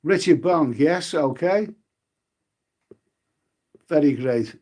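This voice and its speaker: A man's voice: fairly high pitch, animated, takes it slowly, warm tone. A man hosting a travel live stream in a casual, rambling way, repeating his words and leaning on fillers. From United Kingdom.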